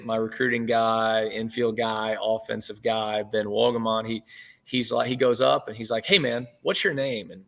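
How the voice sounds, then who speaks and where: A man in his late thirties, a head baseball coach, telling stories in a relaxed interview over a video call, with many fillers and restarts. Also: mid-range voice, vocal fry. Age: 30s. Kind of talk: casual interview chat.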